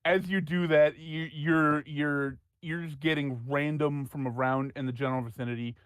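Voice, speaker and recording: A man narrating as game master of a tabletop game, laughing often and dropping into quick voices for the players' thoughts. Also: a little high, steady tone, smooth, no room sound.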